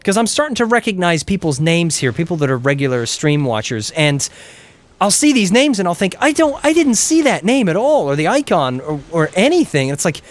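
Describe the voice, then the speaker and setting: A man's voice: high voice, sing-song, brisk, faint music behind. Chatty man streaming a game. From England. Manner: rambling, chatty, swears when the game goes wrong. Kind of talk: casual gameplay commentary.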